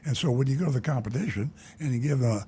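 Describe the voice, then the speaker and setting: A man's voice: mid-range voice, fast, warm tone, a little hiss or hum. An older man hosting a call-in talk show, speaking bluntly and indignantly and rambling with many filler sounds. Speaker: talk show host, car dealer.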